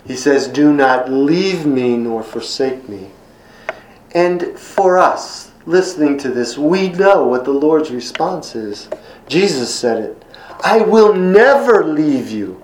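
A man's voice: on the high side, very animated, a little hiss or hum. Earnest preacher man in an echoey room. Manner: earnest, emphatic repetitions, slows for scripture quotes. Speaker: pastor. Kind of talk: sermon.

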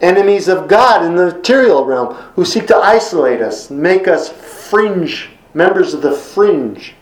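A middle-aged man preaching a sermon in an earnest, emphatic way, slowing down and repeating words when quoting scripture. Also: high voice, expressive, echoey room, poor audio. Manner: earnest, emphatic repetitions, slows for scripture quotes. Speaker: pastor.

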